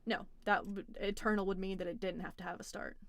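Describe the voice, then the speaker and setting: A woman hosting a casual call-in debate, relaxed and wry, with a dry sense of humor. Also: medium pitch, fast, dry recording. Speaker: host.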